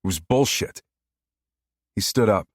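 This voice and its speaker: A man narrating a romance audiobook in a plain, steady reading voice. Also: on the low side, unhurried, no echo, studio quality.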